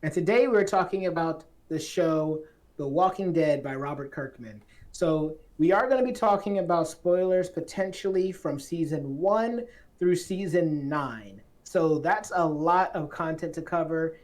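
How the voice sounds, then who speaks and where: Low-voiced woman, playful host. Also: lively intonation, a little slow, a little mellow. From Atlanta, Georgia. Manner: playful, chatty, slangy. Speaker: podcast host. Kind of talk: casual film discussion.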